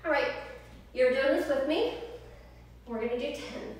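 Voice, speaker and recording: A woman's voice: sits high, measured pace. A woman leading a yoga workout from her living room, upbeat and chatty as she counts and cues poses, a little out of breath. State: slightly out of breath. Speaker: yoga instructor. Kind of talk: guided home workout livestream. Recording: very echoey room, distant mic, faint hiss.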